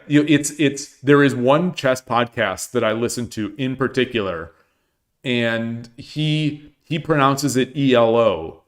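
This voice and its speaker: A middle-aged man talks off the cuff on a livestream at a mid-range pitch. He rambles, restarts his sentences and leans on fillers as he goes. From United States. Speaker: streamer. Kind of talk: casual livestream chat.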